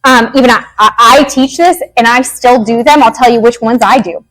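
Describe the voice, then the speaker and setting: A woman behavior analyst, herself a parent, giving a lively, joking workshop talk to parents. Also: a little high, low-quality recording. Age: adult parent. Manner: lively, joking, acts out quick quotes.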